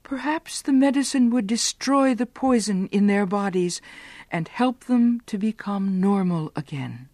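Slow, deliberate woman storyteller. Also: medium pitch, lively intonation, darkish tone, no echo. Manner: slow, deliberate, clear reading. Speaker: reader. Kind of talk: scripted story narration.

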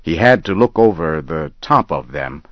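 A man reading a scripted story aloud in a slow, measured way. The recording sounds dull and lo-fi. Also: extremely low pitch, animated, no echo.

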